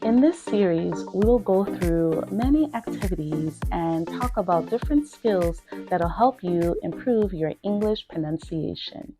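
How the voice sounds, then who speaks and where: A woman teaching English pronunciation, saying tongue twisters slowly and deliberately, word by word. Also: fairly low pitch, lively intonation, music in the background. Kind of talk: pronunciation lesson.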